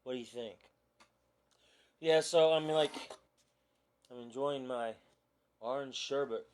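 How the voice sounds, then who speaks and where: A man's voice: mid-range voice, measured pace, darkish tone, slight background noise. A man chatting casually on a phone live video, easygoing and rambling with lots of fillers. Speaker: vlogger. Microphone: phone camera propped nearby.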